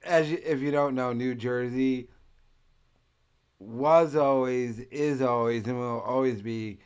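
Podcast guest, average male pitch, blunt, crude interjections. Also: steady tone, takes it slowly, clear, resonant tone. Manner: blunt, crude, offhand jokes. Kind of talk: casual chat.

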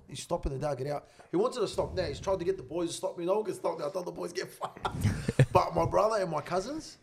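A young man with a fairly high voice hosts a casual podcast, blunt and full of slang and swearing. He laughs easily and talks crude and direct. A faint noise hangs behind the recording. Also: gravelly. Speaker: podcast host.

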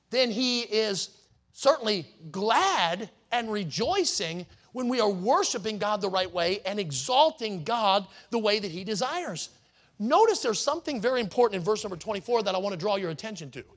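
Guy preaching a sunday sermon, pretty high voice, leans hard on key words. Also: fairly bright tone. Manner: emphatic preaching, slows down to stress words. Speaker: pastor.

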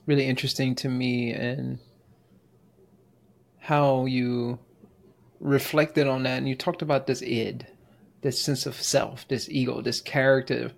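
A man hosting an interview, asking slow, searching questions with hesitant phrasing. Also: medium pitch, vocal fry. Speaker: podcast host.

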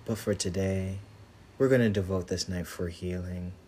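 A man hosting a podcast, guiding listeners through a breathing exercise with soft, repeated affirmations. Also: low-pitched, fairly even intonation, slight background noise. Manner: soft, slow, repetitive and soothing. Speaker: podcast host leading a healing exercise. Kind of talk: guided meditation with affirmations.

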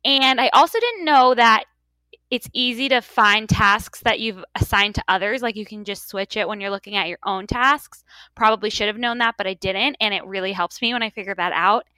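A woman's voice: medium pitch, moderate pace, pushed and bright, no echo. A woman co-hosting a podcast, upbeat and chatty with many fillers. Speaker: podcast co-host. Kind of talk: casual chat.

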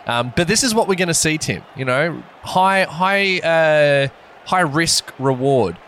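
A man doing playful, jokey cricket commentary, excitable and full of fillers. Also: a little high, unhurried, slight background noise. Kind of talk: playful sports commentary banter.

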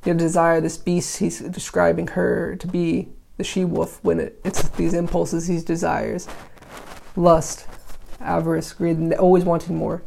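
Gravelly, flat-voiced podcast reader. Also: mid-range voice, unhurried, a little hiss or hum. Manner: reads archaic verse, then paraphrases loosely with many likes and you-knows. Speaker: podcast host reading and interpreting a poem. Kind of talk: casual explanatory reading with commentary.

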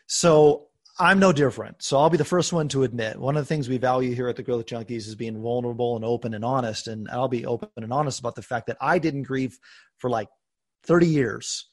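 A man hosting a podcast, talking earnestly and openly about his own life, with bursts of laughter and animated emphasis. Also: medium pitch, fairly quick. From United States. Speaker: podcast host. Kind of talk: conversational podcast talk.

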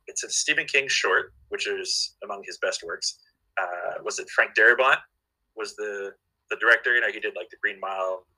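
Man, husky voice, very bright tone, lower pitch, enthusiastic casual storyteller. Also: poor audio. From Southern California. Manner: enthusiastic storyteller, many fillers and restarts. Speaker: guest. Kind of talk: casual chat.

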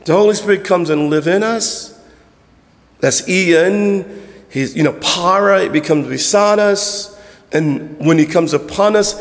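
A pastor preaches in an easy, conversational way, slipping into quick voices of church folk. His voice is a touch high and gravelly with fry. The sound carries the long reverb of a church hall. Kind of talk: sermon.

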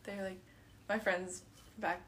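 A woman's voice: medium pitch, slow. A woman with a Chicago-area accent, co-hosting a casual podcast chat and telling stories with lots of laughter. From US Midwest. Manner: giggly, animated storytelling.

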